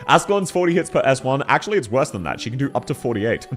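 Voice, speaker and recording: A man streaming live and chatting in a casual way, his pitch bouncing wildly up and down as he reacts to his viewers. He laughs a lot and keeps the talk loose. Soft music plays faintly behind him. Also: very animated, fast talker.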